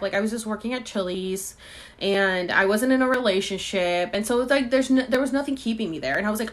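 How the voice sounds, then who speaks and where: A woman's voice: medium pitch, a little fast. A woman in her thirties hosting a live stream, telling a personal story in a casual, rambling way with lots of fillers and quoted dialogue. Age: 30s. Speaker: host answering viewer questions.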